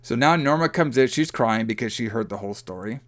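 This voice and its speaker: A man's voice: mid-range voice, expressive, brisk. A man co-hosting a podcast, casually recapping a movie in a loose, rambling way full of fillers. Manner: loose, rambling, heavy on fillers like "like" and "you know". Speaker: podcast co-host.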